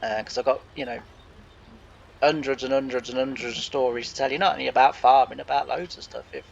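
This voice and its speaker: A man's voice: medium pitch, steady tone, fairly quick, gravelly, muffled recording, a little hiss or hum. A man who hosts a farming game channel, telling a long, meandering farm story full of reported speech. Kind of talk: rambling anecdotal storytelling.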